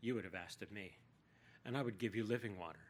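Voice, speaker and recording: Preacher voicing Jesus, questioning teacher, probing, rising and insistent. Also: male voice, fairly low pitch, fast, pitched below the performer's own voice, lightly acted.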